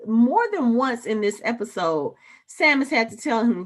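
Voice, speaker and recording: A woman co-hosting a podcast, casually recapping a TV episode and quoting characters with lively emphasis. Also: on the high side, moderate pace. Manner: retells scenes, quoting characters with rising emphasis. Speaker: podcast co-host.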